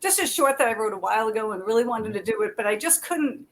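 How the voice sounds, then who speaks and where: A woman's voice: fairly high pitch, expressive, fast. A woman filmmaker chatting casually on a group call, talking in long runs with laughs and restarts. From Florida. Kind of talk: casual group video chat.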